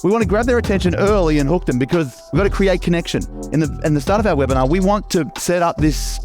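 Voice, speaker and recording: A middle-aged man with an Australian accent, giving an animated seminar talk and asking the audience questions. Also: sits high, soft background music. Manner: animated, quick, asks the crowd questions. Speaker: business coach.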